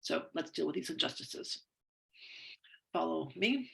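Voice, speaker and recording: A woman with a gravelly, creaky edge to her voice leads a guided tapping session. She speaks in slow, measured phrases for the listener to repeat after her. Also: sits low, expressive, fairly bright tone. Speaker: EFT tapping coach.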